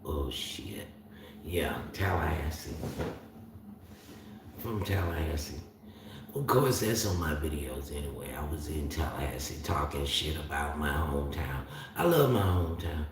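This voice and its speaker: A man's voice: extremely low pitch, expressive, moderate pace, background noise. A man from Florida with a Southern accent, rambling in casual livestream chat and answering viewers' comments. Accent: Southern US (north Florida). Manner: rambling, drawling, talks back to chat. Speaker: livestream host. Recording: very echoey room, distant mic.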